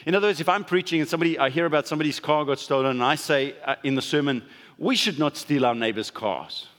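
A man's voice: fairly high pitch, fast, a bit bright. A man pastor giving a conversational sermon, leaning hard on stressed words for emphasis. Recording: long hall reverb.

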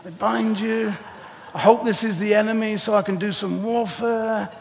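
A man's voice: high voice, fairly even intonation, normal speed, gravelly, darkish tone, slight background noise. A man voicing a flustered, anxious apostle who protests in a whiny, exasperated way. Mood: fretful. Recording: echoey hall reverb.

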